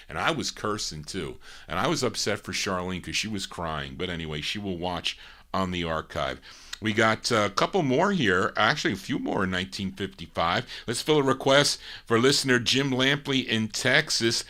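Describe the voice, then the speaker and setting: A man's voice: fairly low pitch, lively intonation, moderate pace, sharp tone. Chatty man hosting a live record show. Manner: rambling, chatty, talks between records.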